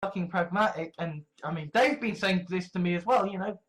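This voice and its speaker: A man's voice: sits high, normal speed, hardly any pauses. A man talking casually and profanely, asking exasperated rhetorical questions. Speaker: host. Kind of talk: casual ranting commentary.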